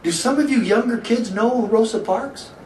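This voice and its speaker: A man's voice: very high voice, moderate pace, a little mellow. A middle-aged man, a sheriff, giving a public speech, telling a story and asking the crowd rhetorical questions. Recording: echoey hall from far off, faint hiss.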